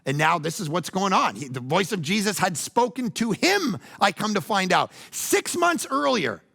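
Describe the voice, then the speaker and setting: A man, the church's pastor, preaching a conversational sermon with lively storytelling and joking asides. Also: high-pitched, normal speed, creaky.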